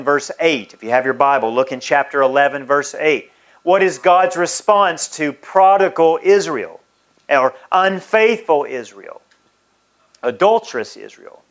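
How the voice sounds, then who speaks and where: A man preaching a sermon, reading scripture aloud in emphatic, drawn-out phrases to a congregation. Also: a little high.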